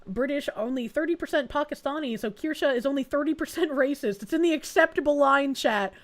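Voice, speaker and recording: A woman's voice: sits high, a little fast. A woman from Boston streaming live, reacting to clips with crude jokes and reading out chat messages. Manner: crude, joking, reads chat messages aloud.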